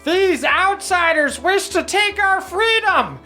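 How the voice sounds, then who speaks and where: A man voicing a tiny male fairy guard who rouses his troops to fight, shouting a rallying cry. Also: very high voice, expressive, takes it slowly, faint music behind, pitched above the performer's own voice, full character voice.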